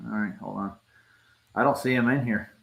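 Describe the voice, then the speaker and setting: A man hosts a live stream with an easygoing, chatty manner and laughs often. His pitch is middle of the range for a man, and he talks loosely in an unscripted way. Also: moderate pace, gravelly, a bit bright, a little hiss or hum, poor audio. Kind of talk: casual live-stream chat.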